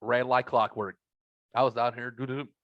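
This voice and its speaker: A man's voice: medium pitch, flat delivery, moderate pace, dry recording, highs cut off. A man hosting a podcast, telling a long story in casual chat and swearing a lot. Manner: profane, rambling storyteller. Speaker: podcast host.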